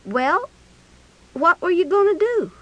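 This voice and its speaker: A woman's voice: very high-pitched, sing-song, slow, a bit bright, no room sound, lo-fi sound, voice pushed up, exaggerated voice. A woman voicing a polite but insistent old male prophet in a told Bible story. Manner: courteous but pushy requests.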